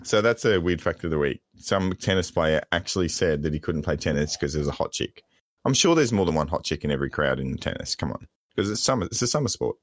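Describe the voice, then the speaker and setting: A man's voice: deep voice, lively intonation, quick pace. A man co-hosting a podcast in casual chat, teasing and swearing. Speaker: podcast co-host.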